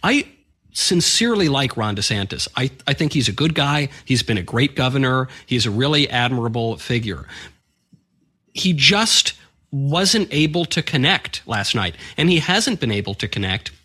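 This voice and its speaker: A man's voice: mid-range voice, very animated, normal speed, bright, forceful tone, breathy edge. A man co-hosting a political talk show, giving analytical and opinionated commentary. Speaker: co-host.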